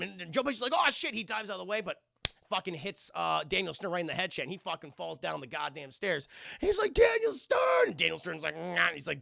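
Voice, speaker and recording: A young man chatting to his stream audience as he retells a film's scenes, animated and profane, bursting into silly voices. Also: on the high side, gravelly, dry recording, clean studio sound. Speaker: streamer reviewing a film. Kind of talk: casual chat to a livestream audience.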